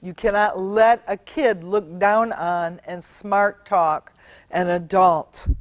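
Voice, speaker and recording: A woman's voice: medium pitch, fairly even intonation, slow pace, dry recording. A middle-aged woman giving an earnest, emphatic Bible teaching in a studio, stretching out key words and using fillers. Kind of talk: teaching sermon.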